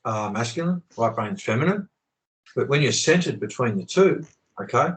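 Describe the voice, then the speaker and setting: A man's voice: medium pitch, lively intonation, moderate pace, rough recording. A man talking with passion on a video call, swearing often and preaching his views. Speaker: channel host. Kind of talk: impassioned conversational rant.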